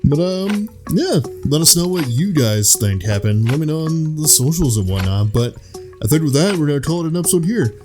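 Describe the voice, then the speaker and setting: A man's voice: a little high, expressive, fairly quick, over music. A young man co-hosting a podcast, chatting casually, rambling and swearing, breaking into silly impressions now and then. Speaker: podcast co-host. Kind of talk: casual chat.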